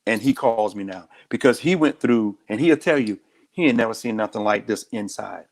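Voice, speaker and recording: A man's voice: on the low side, expressive, moderate pace. A man, a sheriff speaking as an interview guest, telling stories in a direct, earnest way. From United States. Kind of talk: candid interview talk.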